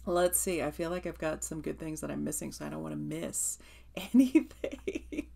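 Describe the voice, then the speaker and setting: A woman's voice: low-pitched, animated, normal speed, vocal fry, warm tone. A woman hosting her own cross-stitch vlog, chatting eagerly from her notes. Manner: eager, gushing, reading from notes. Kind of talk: casual chat from notes.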